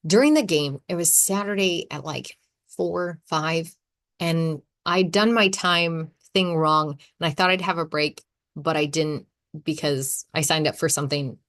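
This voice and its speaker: A woman in her thirties hosting a casual solo podcast, talking in a chatty, animated way and laughing often. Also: sits low, unhurried. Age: 30s. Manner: chatty, animated, acts out her own quotes. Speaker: podcast host.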